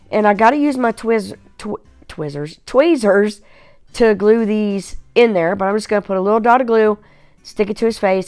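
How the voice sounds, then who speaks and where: A woman's voice: medium pitch, darkish tone, smooth, dry recording. A woman chatting casually as she narrates a home craft project, folksy and self-mocking, with lots of fillers. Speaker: craft video host. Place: at home in a recliner.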